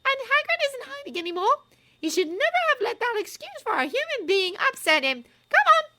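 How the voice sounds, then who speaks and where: Shrill furious schoolgirl witch. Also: sing-song, measured pace, bright, forceful tone, exaggerated voice. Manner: shrill and defiant.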